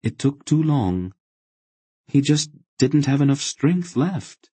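A man voicing a calm grown woman sorceress who speaks softly and firmly. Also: mid-range voice, husky, no room sound, voice pushed up, exaggerated voice. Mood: sad. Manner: soft, measured, sorrowful.

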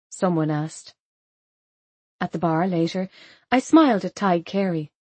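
A woman narrating a novel in the first person with wry, measured delivery. Her voice is low-set and husky. The sound is dry and close to the mic. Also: expressive, darkish tone, no echo. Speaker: audiobook narrator.

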